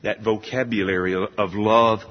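A man preaching a sermon in a church, slow and emphatic, lifting his voice high on key words. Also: fairly even intonation. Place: church sanctuary. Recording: dull long-reverb church hall sound.

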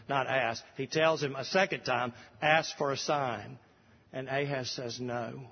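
A man's voice: mid-range voice, breathy edge, long reverb tail, dull audio. Earnest male pastor preaching. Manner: earnest, reads scripture slowly and with emphasis. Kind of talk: sermon.

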